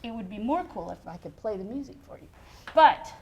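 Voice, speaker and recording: A woman's voice: fairly high pitch, expressive, brisk, a little hiss or hum. A woman music educator in a studio, explaining rhythm to a child in a chatty, encouraging way.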